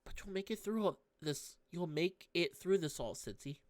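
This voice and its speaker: A woman reading the lines of a gentle young student from a game who comforts a friend in a soft, hushed voice. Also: fairly low pitch, lively intonation, normal speed, no room sound, clean studio sound, natural voice. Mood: soothing.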